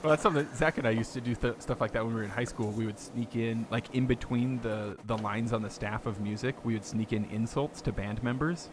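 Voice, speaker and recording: A man's voice: medium pitch, fairly quick, few pauses, background noise. A man hosting a podcast, talking casually and rambling, often laughing as he tells stories. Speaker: podcast host.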